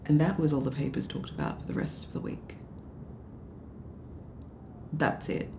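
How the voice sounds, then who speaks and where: A woman's voice: rumbling low, sing-song, normal speed, creaky, dark tone, echoey room, a little hiss or hum, full character voice. An actress playing a drunk Australian political media adviser, bitter and sarcastic as she rambles through a story. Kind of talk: film drama dialogue.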